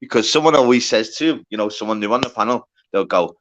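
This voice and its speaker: A man hosting a casual livestream chat, swearing a lot and talking in quick bursts full of filler words. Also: lowish voice, fairly bright tone, highs cut off. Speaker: livestream host.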